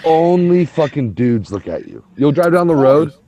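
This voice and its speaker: Laid-back guy with a dark, mellow voice in a muffled lo-fi recording. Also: fairly high pitch, sing-song, normal speed. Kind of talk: casual group chat.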